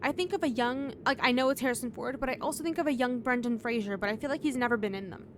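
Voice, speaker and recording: Woman streaming a game, a bit high voice, lots of oh no and groans, faint hiss behind. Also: fast. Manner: exclamatory, groans and swears at puzzles. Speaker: streamer playing a puzzle game. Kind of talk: casual gaming chat.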